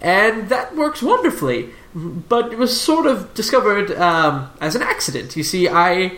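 A distracted, fussy wizard professor who loses the thread while he explains, as voiced by the game master. The voice swings widely in pitch. The recording has a roomy echo. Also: very animated, a little slow, fairly bright tone. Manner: rambling, distracted scholar. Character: fussy absent-minded male wizard professor.

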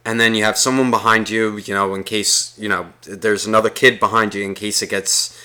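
A man's voice: lowish voice, fairly even intonation, a little fast, bright, forceful tone, clear, resonant tone. A man telling a long, rambling, profanity-laced story in casual chat, acting out the people in it. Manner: acts out quotes of people in the story.

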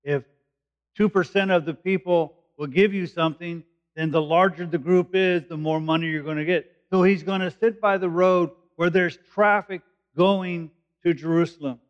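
A man's voice: sits high, steady tone, moderate pace, dull audio. A man teaching through a Bible passage verse by verse, explaining in a conversational, thinking-aloud way. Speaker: preacher.

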